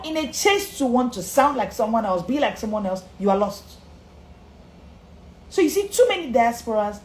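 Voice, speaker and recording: Woman coach, live motivational talk, animated pitch, repeats herself for emphasis, echoey room, faint background hum. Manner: emphatic, repeats key lines, greets viewers by name. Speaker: confidence coach.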